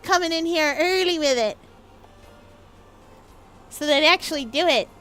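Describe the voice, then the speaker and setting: A woman's voice: high-pitched, unhurried, a bit bright, faint music behind. A woman streamer chatting playfully and bubbly on a casual live stream.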